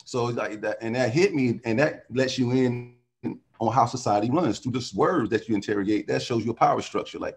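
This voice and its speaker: A man's voice: medium pitch, a little fast, slightly rough. A man talking as a podcast guest in casual conversation, riffing animatedly and philosophically on word origins.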